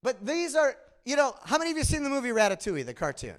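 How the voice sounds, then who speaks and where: A middle-aged man with a nasal Midwestern accent gives an animated conference talk, telling stories and asking the audience questions. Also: extremely high pitch, quick pace. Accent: Midwestern American. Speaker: conference presenter. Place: conference room.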